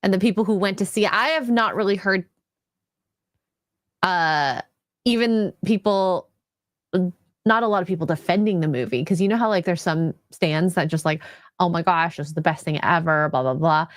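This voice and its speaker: A woman's voice: lowish voice, normal speed, dry recording. Teasing woman in a dry-sounding chat. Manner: laughs often, teasing quips. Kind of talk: casual chat.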